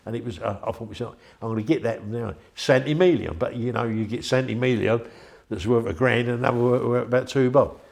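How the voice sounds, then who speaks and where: Older man, gravelly voice, rambling anecdotes, average pitch. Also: a little fast, few pauses, a little mellow. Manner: rambling, chatty, with frequent restarts. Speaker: interviewee. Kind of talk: anecdotal storytelling.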